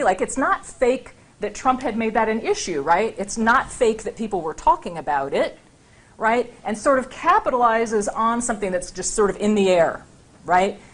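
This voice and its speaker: Animated woman lecturer checking in with listeners. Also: a little high. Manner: conversational, often checks in with "right?" and "okay?". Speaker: university lecturer. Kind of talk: public lecture with slides. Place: lecture room before a live audience.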